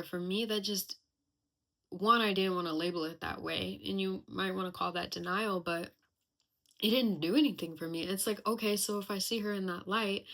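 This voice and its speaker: Bright, sharp-toned young woman podcasting. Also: fairly low pitch. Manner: candid and reflective, chatty with many fillers. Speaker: podcast host. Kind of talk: casual personal podcast monologue.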